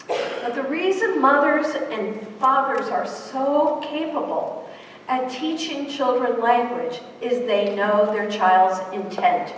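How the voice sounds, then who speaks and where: A woman's voice: high voice, a little hiss or hum. Middle-aged woman, keynote speaker, engaging and questioning; distant mic in a big reverberant hall. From New York. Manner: engaging, asks the audience rhetorical questions. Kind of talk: conference keynote speech. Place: large conference hall. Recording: echoey hall recorded from far off.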